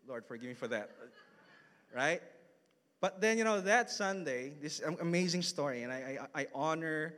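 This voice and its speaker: Chatty pastor with a reverberant hall sound. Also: male voice, a little high, lively intonation, moderate pace, pushed and bright. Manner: chatty, full of fillers and asides to the congregation. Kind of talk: casual storytelling sermon. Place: church hall.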